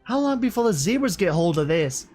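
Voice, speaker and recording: A proud, hot-tempered country pony mare from a storybook reading speaks in folksy country talk, as a man voices her. Her voice sits high, and her temper runs close to the surface. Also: sing-song, fairly quick, a little mellow. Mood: outraged. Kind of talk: fan fiction read aloud.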